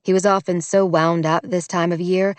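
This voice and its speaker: Low-voiced woman narrating a romance audiobook. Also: little pitch movement, normal speed, clean tone, no echo.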